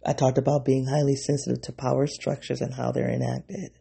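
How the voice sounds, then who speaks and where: A man's voice: mid-range voice, little pitch movement, brisk, vocal fry, warm tone, slightly rough. A man hosting his own podcast, thinking aloud in a rambling, self-interrupting way and speaking straight to his listeners. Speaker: podcast host. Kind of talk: reflective solo podcast monologue.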